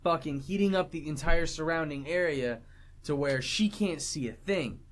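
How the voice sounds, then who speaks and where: A man's voice: a little high, moderate pace. A man co-hosting a casual movie review podcast, recapping scenes in detail with jokes. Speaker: podcast co-host.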